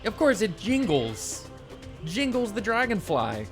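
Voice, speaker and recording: His voice is high and swoops wildly in pitch, yet he speaks unhurriedly while narrating his gameplay as a let's play streamer. The commentary wanders casually, turning sarcastic and profane when he's irritated, over faint game music.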